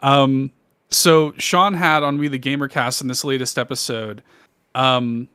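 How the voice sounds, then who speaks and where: A man's voice: mid-range voice, steady tone, a little slow, bright, forceful tone, clear, resonant tone, no room sound, clean studio sound. A man co-hosting a podcast, talking casually and enthusiastically with many fillers. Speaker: podcast co-host. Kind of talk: casual chat.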